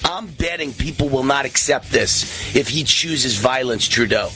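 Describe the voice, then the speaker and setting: Bright-voiced male talk radio host. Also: mid-range voice, a little slow, soft background music. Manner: energetic, rambling, repeats words.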